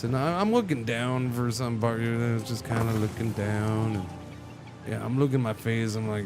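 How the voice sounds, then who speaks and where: A man's voice: medium pitch, moderate pace. A man streaming a game, telling a rambling story in casual chat with lots of restarts. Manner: rambling, animated, many restarts. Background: background music.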